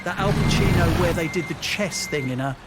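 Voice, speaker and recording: A man hosting a radio show, chatting casually with co-hosts and reading out listener messages with animated, mock-indignant banter. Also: fairly high pitch, brisk, very noisy.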